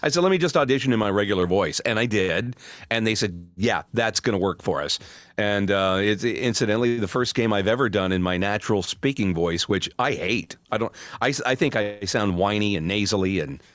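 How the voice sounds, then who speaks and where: A middle-aged male voice actor telling stories in a casual interview, snarky and animated. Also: on the low side, brisk, no room sound. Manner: storytelling, animated. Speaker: voice actor guest.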